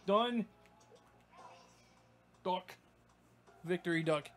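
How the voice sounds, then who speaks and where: A young man commentating his gameplay, swearing a lot and breaking into yelps and shouts when things go wrong. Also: sits high, very slow, faint music behind. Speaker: gaming YouTuber. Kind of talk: let's play commentary.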